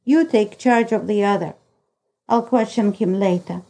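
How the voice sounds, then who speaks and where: A woman's voice: mid-range voice, unhurried, warm tone, rough recording. Woman reading a curt old prosecutor. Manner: curt and questioning. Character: old white-haired male prosecutor, stern. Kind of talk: audiobook character reading.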